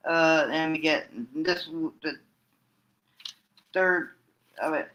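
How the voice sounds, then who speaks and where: A man with a bright, slightly high voice gives a loose spoken recap on his own. He rambles, stops and restarts his sentences, and fills the gaps with "uh" and "and then.". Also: fairly even intonation, takes it slowly, long pauses, slight background noise, rough recording. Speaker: wrestling fan recapping storylines. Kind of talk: casual solo recap.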